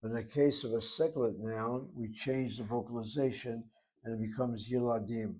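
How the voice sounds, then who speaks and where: A man's voice: mid-range voice, steady tone, normal speed, darkish tone, breathy edge. A man giving a classroom lecture on Hebrew grammar, methodically spelling out vowels and letters at the board. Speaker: Hebrew teacher.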